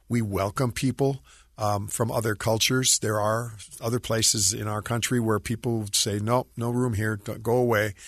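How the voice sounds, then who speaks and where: A man's voice: fairly low pitch, a bit bright, dry recording, studio quality. A man, a musician guest, talking in an earnest, reflective, friendly way in a casual interview.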